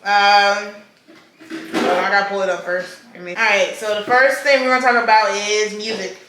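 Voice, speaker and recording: A woman hosting a casual mukbang chat, talking in a relaxed way with frequent fillers. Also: mid-range voice, moderate pace. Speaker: host. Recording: roomy echo, faint noise.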